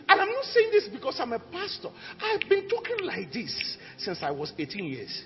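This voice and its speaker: A male pastor preaching a fiery sermon, dropping low and then shouting out declarations. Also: wildly swooping pitch, moderate pace, hardly any pauses. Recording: echoey hall with dull sound and faint music.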